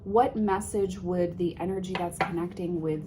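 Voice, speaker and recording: A woman vlogging an unboxing of a card deck, reading card names softly and gushing with emotion. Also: fairly low pitch, steady tone, moderate pace, background noise. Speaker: tarot vlogger. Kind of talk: casual unboxing vlog.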